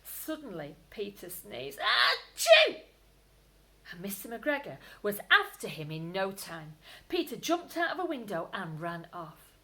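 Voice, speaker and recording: A woman, a primary school teacher, reading a bedtime story aloud to children, expressive, with whispered asides. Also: medium pitch, normal speed, rough recording.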